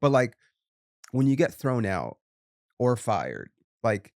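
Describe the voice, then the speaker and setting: A young man hosting a podcast, telling profane, animated stories in casual chat. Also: mid-range voice, takes it slowly, gravelly, dry recording, clean studio sound. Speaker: podcast host.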